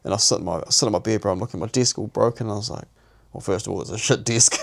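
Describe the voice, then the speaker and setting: A man's voice: fairly low pitch, racing, gravelly, few pauses, a bit bright. A young man with a New Zealand accent, co-hosting a podcast and telling a personal story in slangy, sweary, casual chat, often restarting his sentences. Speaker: podcast co-host.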